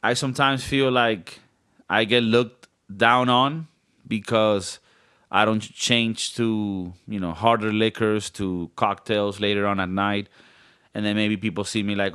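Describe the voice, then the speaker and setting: A man's voice: on the low side, fairly even intonation, a little slow, fairly bright tone, clean tone. Young male podcast co-host, rambling joker, casual and profane. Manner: rambling, joking, swears a lot. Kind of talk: casual banter.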